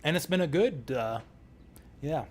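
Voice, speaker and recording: A man's voice: on the high side, expressive, unhurried, slight background noise. A man streaming a video game, giving casual commentary in a rambling, joking way with frequent chuckles.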